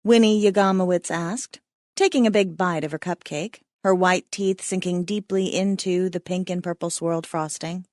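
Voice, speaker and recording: A woman narrating a comic romance audiobook in a playful, expressive way. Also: fairly low pitch, moderate pace, no room sound, clean studio sound.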